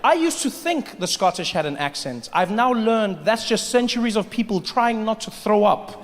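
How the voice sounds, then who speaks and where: High-voiced man doing stand-up in a big hall. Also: moderate pace, few pauses, background noise. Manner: animated storytelling, acting out voices. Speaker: stand-up comedian. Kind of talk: stand-up comedy. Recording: live hall with reverb, faint ambience.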